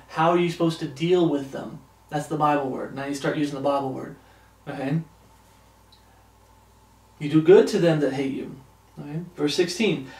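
A man delivers a sermon in a fairly high register, drawing out each verse of scripture emphatically and following with blunt remarks. His voice carries a roomy echo, as though he stands a little back from the mic.

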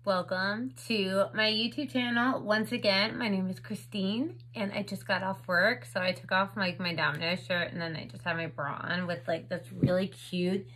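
A woman in her thirties talks casually to her camera at home as she unboxes makeup. Her bright, forceful voice sits at an everyday pitch, and she rambles freely with plenty of "like" and "um" fillers. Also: steady tone, normal speed, hardly any pauses, slight background noise, low-quality recording. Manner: chatty, filler-heavy with lots of "like" and "um". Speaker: beauty vlogger. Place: home, indoors. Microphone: camera on a stand with ring light.

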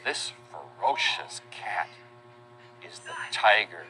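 Lively, bright-voiced man teaching kids. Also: on the low side, takes it slowly, slight background noise. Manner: sing-song and patient, spells words out letter by letter and imitates animal sounds. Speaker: children's teacher. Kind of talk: slow, simple teaching narration for young children.

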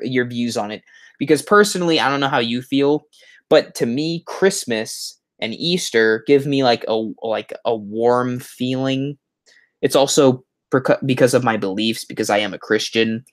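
A man hosting a livestream on a headset, chatting casually and reading out viewer comments in a rambling way. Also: mid-range voice. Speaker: YouTube livestream host.

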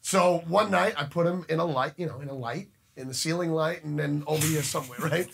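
A man co-hosting a podcast, telling a story excitably and swearing, getting loud at the punchlines. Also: on the high side, fairly quick, gravelly, husky. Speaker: podcast co-host. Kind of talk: casual chat. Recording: group chatter in the background.

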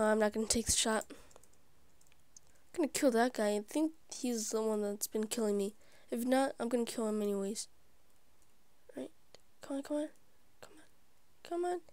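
A woman hosting her gaming channel, giving live gameplay commentary; excitable and easily frustrated, she often drops into whispered asides. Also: a little high, no echo. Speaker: YouTube gaming channel host.

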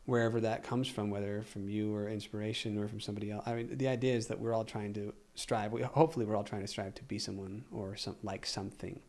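A man in casual podcast chat as a guest, telling lively stories and then turning soft and reflective. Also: lowish voice. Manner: animated storyteller, acts out quoted voices; slows and drops to soft reflective tone.

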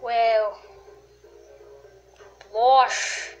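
A woman commenting on a game she is playing, excitable and full of yelps and exclamations. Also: on the high side, drawn-out words, faint music behind. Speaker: gamer. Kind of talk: let's play commentary.

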